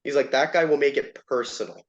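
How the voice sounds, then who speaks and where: A man chats casually in an interview, spinning anecdotes with lively energy. He throws his voice high for the people he quotes. The sound is muffled and lo-fi. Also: quick pace. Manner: animated, acts out quoted lines in raised voice. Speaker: interview guest, former player and coach. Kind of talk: casual storytelling. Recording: dull lo-fi sound.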